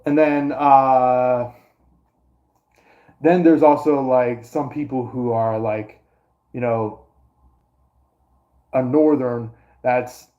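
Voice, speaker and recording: A man's voice: mid-range voice, steady tone, extremely slow, long pauses, dull audio. A man doing a casual astrology reading to his viewers, rambling with many fillers and restarts. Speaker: astrology and tarot reader.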